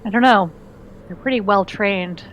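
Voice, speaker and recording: A woman's voice: medium pitch, normal speed, fairly bright tone, slight background noise. A woman playing in a tabletop game, thoughtful and easily agreeing with the group. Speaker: player. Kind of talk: casual tabletop play.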